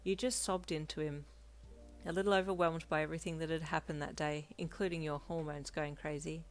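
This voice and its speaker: Woman, narrator, romance story reading, calm even delivery, lowish voice. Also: a little fast, soft background music.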